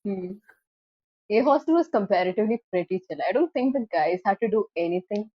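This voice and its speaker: Young woman, lively storyteller. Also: medium pitch, brisk, breathy edge, no echo, muffled recording. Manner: animated storyteller, lots of "like" and "okay". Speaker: podcast co-host. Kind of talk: casual chat.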